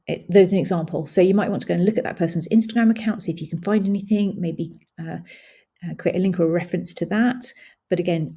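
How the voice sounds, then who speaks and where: Woman host, husky and mellow, casual screen-share walkthrough, thinks aloud with fillers. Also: on the low side. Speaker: blogging tutorial host.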